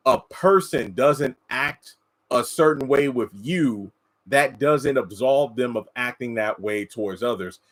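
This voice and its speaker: A man giving casual commentary on a TV episode, answering chat comments and mocking characters in high put-on voices. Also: rough recording. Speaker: TV show reviewer.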